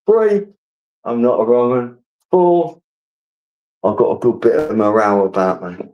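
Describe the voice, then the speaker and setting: A man's voice: medium pitch, very animated, unhurried, highs cut off. A man with a casual, swearing manner, rambling through stories and answering his chat as a live streamer.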